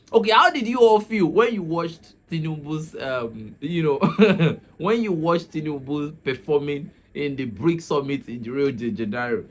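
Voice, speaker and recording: Lively, laughing Nigerian man. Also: a little high, a little slow, slight background noise. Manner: chatty, laughs often, repeats words. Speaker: channel host. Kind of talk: casual commentary to camera.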